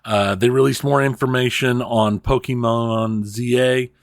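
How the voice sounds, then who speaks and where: A man's voice: mid-range voice, fairly even intonation, unhurried, vocal fry, dry recording. A man co-hosting a casual gaming podcast, giving news with wry, dry asides. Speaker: podcast co-host.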